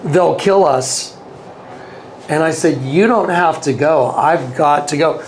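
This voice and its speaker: In casual storytelling, a male interview guest earnestly relates a personal story, frequently repeating himself and acting out quoted dialogue. He speaks at a moderate pace with a fairly high pitch, and slight background noise can be heard.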